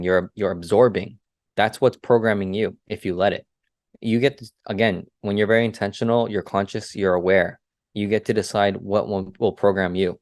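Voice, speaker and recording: Low-voiced man giving an energetic motivational talk. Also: no room sound, clean studio sound. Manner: energetic, repeats "right?" and "like", rhetorical questions. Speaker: podcast co-host and business coach.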